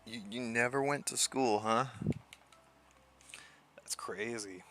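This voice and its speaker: A man's voice: medium pitch, takes it slowly, sharp tone. A man streaming live, chatting casually with his viewers, chuckling often and repeating words as he answers them.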